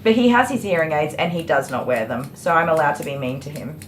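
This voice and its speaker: A woman's voice: sits low, animated, quick pace, a little hiss or hum. A woman who is a dog groomer, chatting casually on a livestream while she works and answering viewers by name. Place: grooming salon, indoors.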